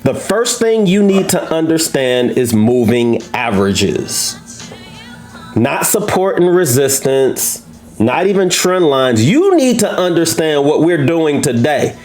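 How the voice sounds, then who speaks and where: A brash man teaching trading in a live lesson, boasting and challenging his viewers. His pitch swings widely and leaps high when he pushes a point. Faint music plays behind him. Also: slow pace. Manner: animated, swoops up into high pitch for emphasis.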